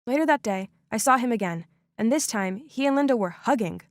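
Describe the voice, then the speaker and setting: Woman telling a dramatic animated story, kinda high voice, close dry mic. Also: fairly quick, dry recording. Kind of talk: scripted first-person narration.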